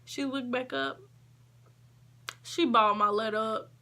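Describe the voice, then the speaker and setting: A woman vlogger telling a story in a casual, emphatic way, acting out what people said and shifting between quick and drawn-out phrases. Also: fairly high pitch. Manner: emphatic, animated retelling with quoted dialogue.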